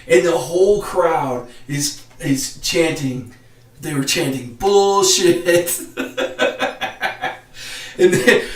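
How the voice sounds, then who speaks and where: Excitable man chatting on a podcast stream. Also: mid-range voice. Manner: excitable, laughing, slangy. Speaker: podcast host. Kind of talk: casual live-stream sports chat. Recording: roomy echo.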